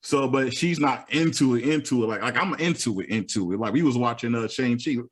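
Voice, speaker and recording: A man chatting casually as a guest, telling animated stories, acting out quotes and laughing often. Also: mid-range voice, a little fast. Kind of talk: casual chat.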